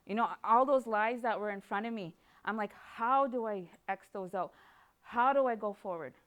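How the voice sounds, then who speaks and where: A woman's voice: on the high side, moderate pace, a bit bright, clear, resonant tone. A woman from Canada giving an emotional personal testimony, speaking rawly with repeated phrases. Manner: raw, emotional, repetitive phrasing. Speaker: speaker sharing her recovery story.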